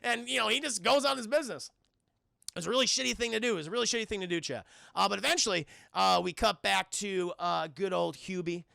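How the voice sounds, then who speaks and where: Young male streamer recapping a film, high gravelly voice, bright edge, swearing and mimicking characters. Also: fast talker, no echo, studio quality. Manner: animated, swears a lot, mimics characters, addresses chat constantly. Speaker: film reviewer streaming to chat. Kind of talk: excited profane movie recap.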